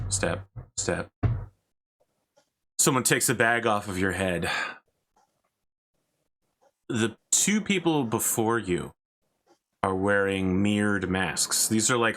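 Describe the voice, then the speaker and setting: A man's voice: low voice, fairly bright tone, slight background noise. A man who is the game master of a tabletop role-playing game, narrating scenes in a casual, chatty way with frequent asides.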